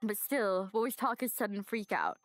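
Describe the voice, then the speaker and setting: Excitable woman streaming a game. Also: mid-range voice, moderate pace, no room sound, faint music behind. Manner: excitable, swears casually. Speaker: let's play streamer. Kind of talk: game playthrough, reading aloud and commenting.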